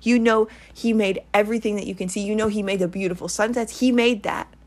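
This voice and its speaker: A woman preaching to her online listeners in a casual, earnest way, circling back over the same points and leading them in prayer. Her voice sits at an ordinary middle pitch. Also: steady tone, brisk. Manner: earnest, repetitive, rambling exhortation.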